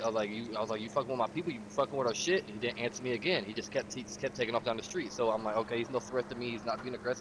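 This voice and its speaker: A man's voice: medium pitch, noisy background. A man casually recounting a game session, profane and streetwise, acting out the quotes of other players. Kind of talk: casual storytelling.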